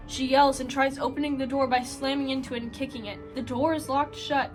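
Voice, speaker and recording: High-voiced young woman reading stories. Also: fairly quick, few pauses, over music. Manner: animated, acts out lines in the story; laughs and breaks off into asides. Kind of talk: reading stories aloud with chatty commentary.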